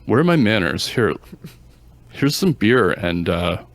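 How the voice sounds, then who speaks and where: A man's voice: fairly low pitch, big pitch swings, unhurried. A man voicing a foul-mouthed young street punk who rambles with lots of fillers and turns paranoid. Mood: rambling. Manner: rambling, swears a lot, filler-heavy.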